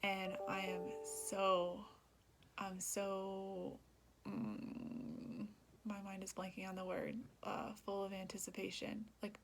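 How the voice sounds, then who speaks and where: Young woman vlogging, a bit of vocal fry, earnest and rambly, laughs a lot and goes whispery. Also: mid-range voice, completely flat delivery, takes it slowly, faint music behind. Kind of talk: personal faith vlog.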